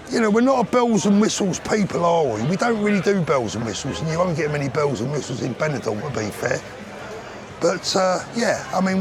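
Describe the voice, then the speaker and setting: An English man vlogging outdoors to a handheld camera, joking and rambling in a casual comic way. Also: on the high side. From England. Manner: jokey, rambling, chatty. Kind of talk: casual comedic vlog to camera. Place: busy street outdoors. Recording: outdoor street noise behind.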